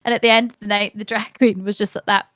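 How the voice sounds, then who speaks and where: A Scottish woman, a podcast guest, telling stories in an animated way, laughing and swearing freely. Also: mid-range voice, fast, no room sound, studio quality. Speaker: podcast guest, actor and streamer. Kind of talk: casual chat.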